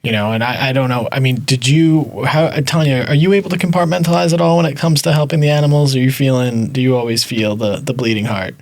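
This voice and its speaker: A man's voice: medium pitch, steady tone, fast talker, few pauses, no room sound. A man co-hosting a podcast, reflecting and asking a hesitant, thoughtful question in casual chat. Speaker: podcast co-host.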